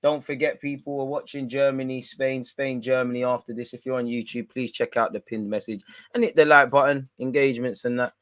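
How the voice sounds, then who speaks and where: A man hosting a live football watch-along, reacting excitably and chatting with viewers in slang. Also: medium pitch, fairly quick, no echo.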